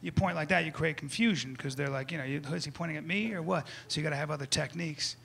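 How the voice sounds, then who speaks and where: Onstage before a laughing live audience, a man does a brash, mock-instructional stand-up set, acting out his bits. His voice is a little high and a bit bright with vocal fry, and he talks fast. The recording is roomy, from a live venue with crowd noise.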